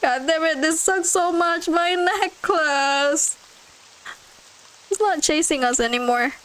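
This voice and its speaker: High-voiced, excitable woman streamer. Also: takes it slowly, rough recording. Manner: excitable, swears and laughs a lot. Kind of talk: horror game playthrough with live reactions.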